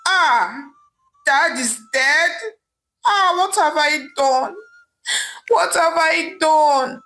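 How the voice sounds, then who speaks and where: A woman's voice: very high voice, slow pace, faint music behind, pitched above the performer's own voice, exaggerated voice, low-quality recording. Woman voicing an indignant eldest son. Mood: wailing. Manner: shouting, indignant, then wailing. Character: proud desperate young man, eldest son.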